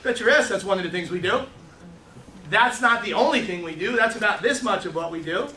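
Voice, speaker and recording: A man's voice: high voice, expressive, a little fast, pushed and bright, a little hiss or hum. A man giving a live sales training talk, telling stories and joking, asking the room questions. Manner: brash, joking storyteller who asks the room questions. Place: meeting room with a small audience. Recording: echoey room, mic from far off.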